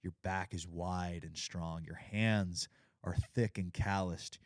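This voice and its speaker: A man voicing the Lord speaking to a laborer, calm and reassuring. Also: low-pitched, takes it slowly, dry recording, clean studio sound. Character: the Lord, calm and patient divine voice.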